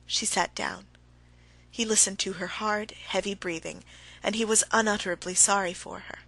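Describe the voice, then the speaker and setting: Bright-voiced woman narrating a novel. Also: medium pitch, fairly even intonation, normal speed, vocal fry, no echo, poor audio. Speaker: audiobook narrator. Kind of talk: scripted narration of a classic novel.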